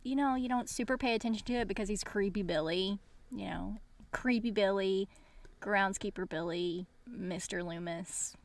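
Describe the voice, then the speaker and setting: A woman's voice: mid-range voice, normal speed. A woman co-hosting a podcast, casually recapping a novel's plot with playful asides. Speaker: podcast co-host. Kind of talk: casual book discussion chat.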